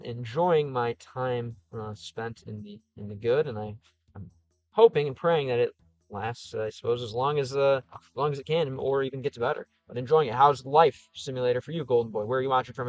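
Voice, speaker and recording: A man chats casually on a livestream, answering viewer comments and thinking aloud with frequent restarts. His voice is medium-pitched, and the audio is dull with no room sound.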